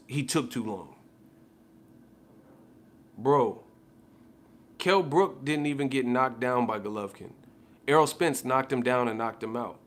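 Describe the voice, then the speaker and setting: A man's voice: mid-range voice, a bit bright. A man ranting casually as a boxing commentator, heated and profane, repeating himself. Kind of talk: casual rant.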